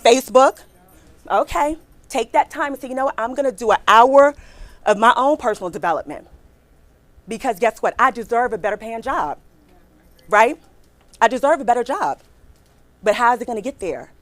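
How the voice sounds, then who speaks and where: A middle-aged woman giving a lively workshop talk on careers to a live audience in a hall, emphatic and repeating her points, often checking in with "right?" and "okay?". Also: a little high, moderate pace, long pauses. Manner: acts out quotes with a bright smile in her voice.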